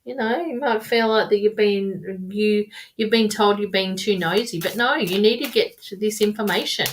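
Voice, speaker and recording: A woman's voice: medium pitch, moderate pace. A woman giving live-streamed tarot readings in a rambling, repetitive, affectionate way, calling viewers darling and my loves. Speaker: tarot reader.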